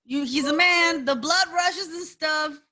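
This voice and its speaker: A woman with a fairly high, very bright voice chats playfully. She teases and drops quick interjections into the talk. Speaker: podcast co-host. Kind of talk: casual chat.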